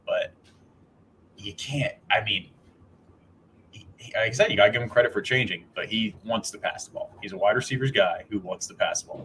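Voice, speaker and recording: A man's voice: lowish voice, a bit bright, a little hiss or hum, rough recording. A man co-hosting a podcast in casual sports chat, rambling with restarts, swearing and laughing. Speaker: podcast co-host.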